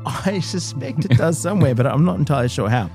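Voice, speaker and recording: A man's voice: fairly high pitch, lively intonation, quick pace, a little mellow, faint music behind. A man co-hosting a podcast, chatting casually and teasing his co-host with dry jokes. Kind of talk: casual chat.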